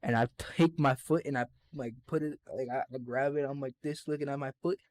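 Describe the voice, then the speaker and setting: A young man co-hosting a podcast, telling a childhood story in an animated, profane way and laughing through it. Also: medium pitch, fairly quick. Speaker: podcast co-host. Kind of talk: casual storytelling chat.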